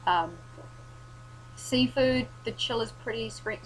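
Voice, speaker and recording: A young woman rants to camera in a casual vlog, swearing freely and breaking into loud, exasperated outbursts. Her voice sits a little high, with a faint steady hum under the recording. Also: slow pace, poor audio. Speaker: vlogger.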